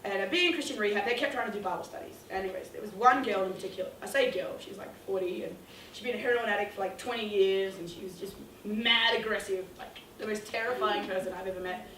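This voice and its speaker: A young woman tells a youth audience a humorous, self-mocking story, acting out the quotes with big swings in her voice as a youth ministry speaker. Her mid-range voice is fast and fairly bright, recorded from a distance in a roomy hall with slight background noise.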